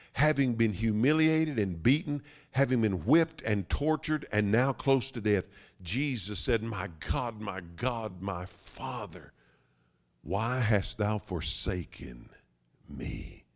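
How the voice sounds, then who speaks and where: A pastor delivers a sermon with a low voice and a dramatic delivery. He slows to stress key words and sometimes drops to a near whisper. His voice swings between intensity and hushed quiet. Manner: dramatic, with sudden drops to a whisper and slowed emphasis.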